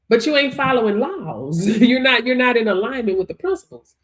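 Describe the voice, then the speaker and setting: Upbeat woman preaching to her stream viewers, voice pitched up a bit, pitch jumps all over. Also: a little fast. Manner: animated and preachy, laughs often, addresses viewers directly. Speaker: livestream host. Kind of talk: motivational livestream talk.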